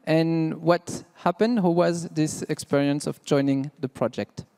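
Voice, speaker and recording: A man's voice: a little high, steady tone, a little slow, warm tone, smooth. A man moderating a conference panel, a French speaker using English, with brief polite hand-offs. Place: large conference hall. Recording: long hall reverb.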